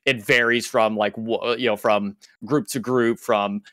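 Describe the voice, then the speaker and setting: A man's voice: fairly low pitch, steady tone, measured pace, a bit bright, no echo, studio quality. A man who works as an esports caster, explaining things in loose casual podcast talk with lots of filler words.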